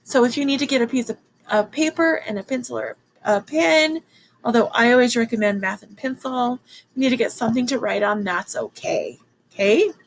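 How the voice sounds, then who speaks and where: A woman teaching a children's math lesson, excited and encouraging as she counts along with her class. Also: on the high side, brisk, creaky, a little hiss or hum, poor audio.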